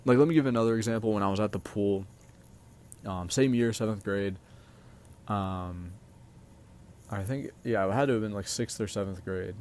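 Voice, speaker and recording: A young man with a fairly low voice tells personal stories straight to his audience. He rambles loosely, full of filler words and casual swearing. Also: moderate pace, long pauses, a little mellow, slight background noise. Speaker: vlogger. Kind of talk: casual storytime monologue.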